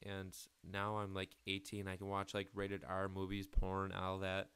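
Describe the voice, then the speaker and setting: Teen male let's-player, crude self-mocking rambler, smooth voice, dry close sound. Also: sits low, monotone, measured pace, a bit bright, dry recording. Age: late teens. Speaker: gaming YouTuber. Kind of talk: casual gameplay commentary.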